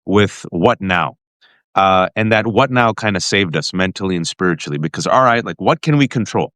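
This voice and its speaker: A man hosting a show and telling an emotional family story to his guest with animated energy, often restarting his sentences. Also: low-pitched, moderate pace, dry recording. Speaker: podcast host. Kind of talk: heartfelt personal storytelling to a guest.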